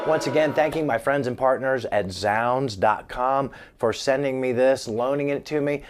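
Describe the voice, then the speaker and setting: A man's voice: medium pitch, a little mellow. Joking man demoing a guitar amp. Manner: joking, wisecracking asides. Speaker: guitar gear reviewer. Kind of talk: casual gear demo vlog. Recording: guitar playing behind the voice.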